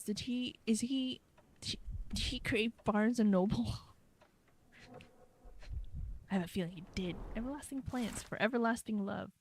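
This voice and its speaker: A woman's voice: a little high, a little slow, long pauses, slightly rough. A woman streaming a game, giving casual, playful commentary and talking to herself.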